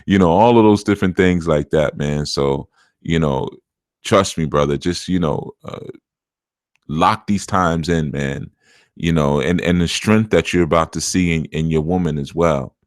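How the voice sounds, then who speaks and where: A man's voice: very deep voice, measured pace, no echo, studio quality. A middle-aged man, a spiritual teacher, chatting casually on a live stream, reading out viewer comments, laughing often and calling listeners "man".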